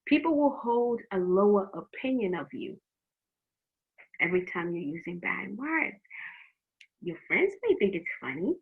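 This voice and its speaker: Her voice is mid-range and gravelly, with big swings in pitch, a slightly slow pace and long pauses. This middle-aged youth program teacher offers teens advice in a faith-based talk, earnest and frank and often repeating words, all heard over a tinny line that sounds like a phone.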